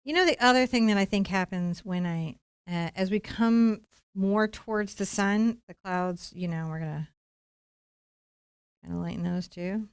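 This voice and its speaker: A woman's voice: medium pitch, a little slow, smooth, no echo, clean studio sound. A woman leading a live-streamed painting lesson, talking playfully and encouragingly straight to her viewers. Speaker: painting instructor.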